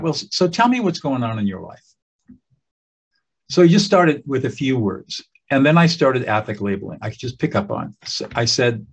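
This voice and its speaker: A man telling a story in a relaxed talk, acting out the voices of the people he quotes. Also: medium pitch, poor audio. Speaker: teacher of emotional skills.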